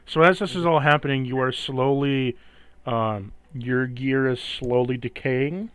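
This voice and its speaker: A man narrates a tabletop game as game master, drawing out grim scenes slowly for dramatic effect. His voice is smooth and resonant at an ordinary pitch. It sounds dry and close to the mic. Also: a bit bright, no echo. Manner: slow, dramatic descriptive narration.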